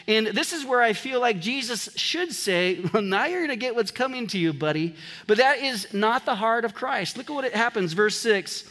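A man pastor preaching an animated sermon to his congregation, breaking off now and then to joke with them, recorded in a church. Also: very high-pitched, big-room sound. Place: church sanctuary.

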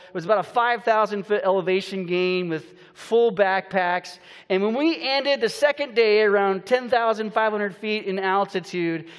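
A man preaching a sermon as a pastor, telling stories with playful banter and slowing down to stress points. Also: high voice. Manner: storytelling with playful banter, slows for emphasis. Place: church auditorium. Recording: long hall reverb.

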